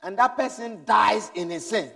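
A man preaching a sermon, swinging between loud, urgent exhortation and low, hushed storytelling. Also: moderate pace, creaky, slightly rough, big-room sound.

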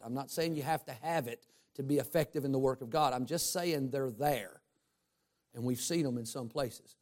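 Male pastor, high-pitched, lively humorous sermon delivery. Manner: animated, humorous preaching with rising emphasis and asides to the congregation.

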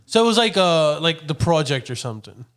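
A man's voice: on the high side, very animated, brisk, a bit bright. A man on a podcast in casual chat, curious and full of questions. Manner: curious, asks lots of questions.

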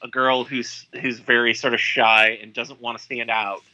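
A man co-hosting a podcast in casual chat, thoughtful and a little halting as he builds his points. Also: mid-range voice, flat delivery, sharp tone, highs cut off. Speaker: podcast co-host.

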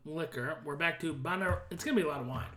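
A man's voice: a little high, fast talker, a bit bright. A man co-hosting a podcast in casual, crude, joking banter with a friend. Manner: joking, crude, talks over others. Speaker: podcast co-host.

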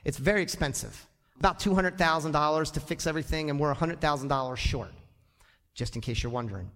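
A male pastor preaching an animated sermon to his congregation, often acting out the people in his stories. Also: a little high, fast. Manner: animated, acts out quoted voices, addresses the congregation directly. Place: church sanctuary. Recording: long church reverb.

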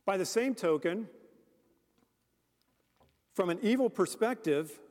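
A man's voice: sits high, animated, slow pace, a little mellow. A man preaching a sermon as a deacon, earnest and speaking directly to the congregation with questions. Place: church. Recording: long church reverb.

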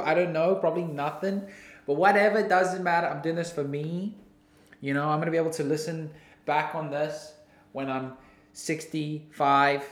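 Young male podcast host, goofy and rambling, high animated voice, roomy sound. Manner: goofy, jumps between silly voices and mumbling. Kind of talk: casual solo podcast rambling.

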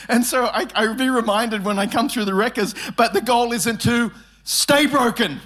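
A male pastor with a high, light voice delivers a sermon in a church. He jokes his way through the teaching, slipping into quick bits of dialogue as he tells family stories, then settles back into earnest preaching. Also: a bit bright. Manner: humorous storytelling, acts out family dialogue.

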